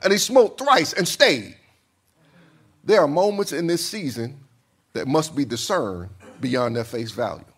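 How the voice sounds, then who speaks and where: Animated, husky-voiced male preacher. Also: a little high, a little slow. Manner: animated preaching, acting out the king's voice. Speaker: pastor. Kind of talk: sermon.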